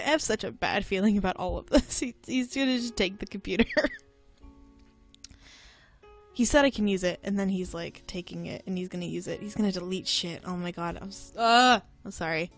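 A young woman chatting casually while playing a game, giggling often and reacting loudly, with some swearing. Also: medium pitch, normal speed, faint music behind. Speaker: game streamer. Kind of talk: casual gameplay commentary.

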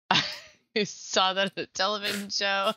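A woman's voice: medium pitch, flat delivery, takes it slowly, pushed and bright, dry recording. A woman co-hosting a casual gaming podcast, playfully telling a joke. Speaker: podcast co-host. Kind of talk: casual chat.

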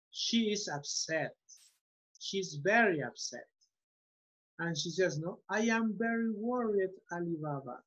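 A man's voice: on the high side, a bit bright, lo-fi sound. A Spanish-speaking man teaching English online, giving patient, repetitive instructions through a computer mic on a video call.

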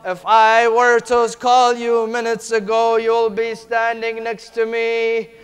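A male preacher reciting a mourning sermon in a slow, lamenting delivery. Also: very high-pitched, completely flat delivery, smooth.

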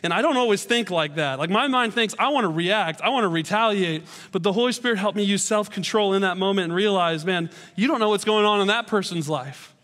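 A man's voice: high voice, brisk, few pauses, fairly bright tone. A man, a pastor in his thirties, giving a sermon in a church auditorium and telling stories with self-deprecating humor. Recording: long hall reverb.

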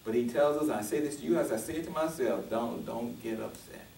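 A man's voice: mid-range voice, brisk, creaky, a little mellow, reverberant, recorded from a distance, a little hiss or hum, low-quality recording. A male pastor preaching a sermon, restarting often and building to emphatic, rising peaks.

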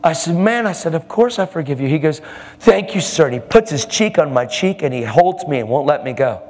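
A man's voice: on the high side, expressive, a little fast. A man preaching a sermon, telling a story and acting out the people in it. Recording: live hall with long reverb and faint ambience.

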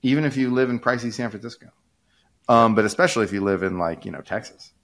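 A man's voice: mid-range voice, fast, fairly bright tone. A man hosting a podcast, explaining economics in a casual, rambling way, full of fillers and restarts.

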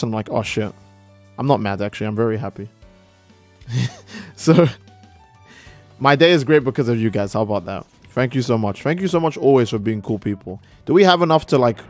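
At a quick pace, a young man live-streaming a game reads out donations and chats in a laid-back, profane manner. Soft music plays behind him, and his voice jumps high whenever excitement hits.

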